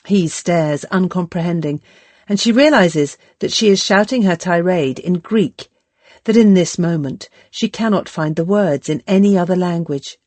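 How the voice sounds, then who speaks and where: A woman reading an audiobook in a measured, steady scripted narration. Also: lowish voice, dry recording.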